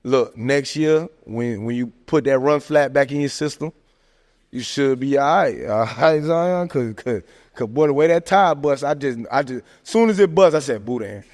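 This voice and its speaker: A man talking sports casually on a podcast, animated and joking, tossing in "man" and "hey, look" constantly. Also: medium pitch, normal speed. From American South. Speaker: podcast host. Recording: long hall reverb.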